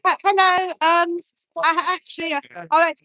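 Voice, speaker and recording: High, bright, giggly older woman. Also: steady tone, moderate pace, dry recording, clean studio sound. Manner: giggly, hesitant, fumbling. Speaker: the streamer's wife. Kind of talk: casual chat to camera. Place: outdoors at a crowded street march. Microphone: handheld phone.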